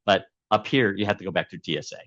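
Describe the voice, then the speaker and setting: A man's voice: low-pitched, fast, fairly bright tone, no echo, lo-fi sound. A man being interviewed as a guest, telling a long story casually with many fillers and restarts.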